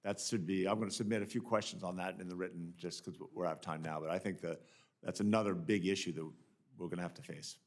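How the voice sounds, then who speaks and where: A man, a senator at a committee hearing, hurriedly wrapping up his questioning and trailing off quietly. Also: low voice, fairly even intonation, fast talker. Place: hearing room.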